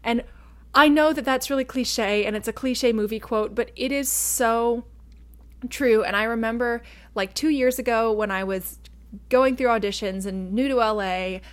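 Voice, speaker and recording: A woman's voice: fairly high pitch, normal speed. A woman co-hosting an advice podcast, speaking earnestly and chattily with lots of "like"s. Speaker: podcast co-host. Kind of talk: casual advice chat.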